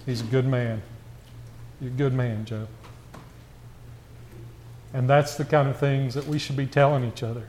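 A man preaching a conversational sermon to a church congregation, asking rhetorical questions and swinging from quiet asides to raised, emphatic passages. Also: medium pitch, fairly even intonation, normal speed, long pauses, a little hiss or hum.

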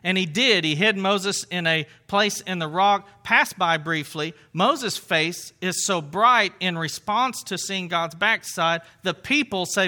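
A man's voice: high voice, a little slow, hardly any pauses, sharp tone. A man preaching a sermon to his congregation, conversational, with rhetorical questions and asides. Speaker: pastor.

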